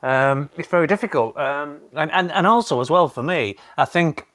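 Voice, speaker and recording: A man appearing on a podcast as the guest's husband, soft-spoken and self-deprecating, talking with feeling. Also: on the high side, normal speed. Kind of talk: casual chat.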